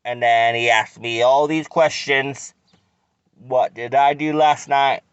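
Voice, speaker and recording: A man telling a crude, rambling comic story in a deadpan way. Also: mid-range voice, takes it slowly, clear, resonant tone, dry recording, dull audio. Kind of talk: comic monologue.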